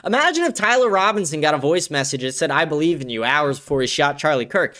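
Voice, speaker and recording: A man's voice: a little high, animated, fast, pushed and bright. A young man hosting a live stream, reacting to clips and reading chat aloud with crude, sarcastic commentary and frequent laughter.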